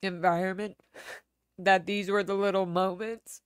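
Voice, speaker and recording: Smooth-voiced woman rambling candidly. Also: on the low side, measured pace, no room sound, clean studio sound. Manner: rambling, candid, trails off and restarts. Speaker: livestream host. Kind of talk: casual personal storytelling.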